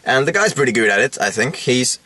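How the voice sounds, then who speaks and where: A man co-hosting a casual chat about a film, talking in a rambling, halting way with many restarts. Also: mid-range voice, sing-song, bright, forceful tone, no echo. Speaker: podcast co-host.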